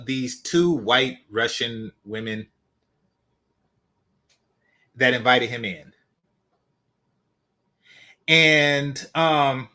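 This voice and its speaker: A man's voice: mid-range voice, bright, forceful tone. A man hosting a dating commentary channel, talking casually with blunt, dismissive swearing.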